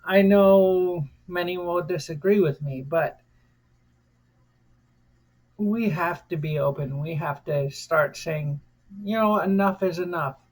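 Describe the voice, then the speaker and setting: A woman's voice: fairly low pitch, slow pace, long pauses, darkish tone. An American woman vlogger giving an impassioned, defiant rant, cursing freely and repeating phrases for emphasis. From United States.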